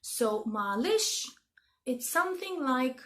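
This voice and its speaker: A woman from Russia with a Russian accent, calmly explaining word meanings to her viewers in a casual vlog. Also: a little high, slow, long pauses. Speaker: language video host.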